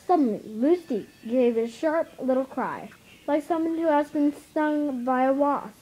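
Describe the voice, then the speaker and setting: Halting high-voiced woman reading a storybook. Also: mellow, rough recording. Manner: halting, with many stumbles and restarts. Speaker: reader. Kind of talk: reading a children's novel aloud.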